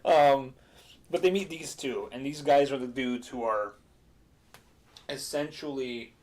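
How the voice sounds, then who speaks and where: A man's voice: mid-range voice, measured pace, darkish tone. A man recaps his tabletop campaign on a casual chat stream. He rambles with fillers and laughs, in a mid-range voice. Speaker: game master.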